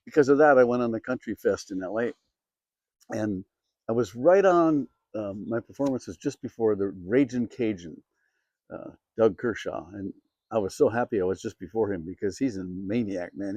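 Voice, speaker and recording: Chatty low-voiced man telling a story. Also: mellow, no echo. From Minnesota. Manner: chatty, self-amused, lots of fillers. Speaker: country singer and show host. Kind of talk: casual storytelling to camera.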